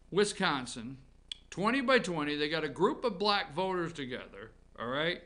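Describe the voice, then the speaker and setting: Male host, high bright voice, animated opinionated rant. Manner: animated, ranting, repeats himself. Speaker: talk show host. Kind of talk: opinionated political commentary.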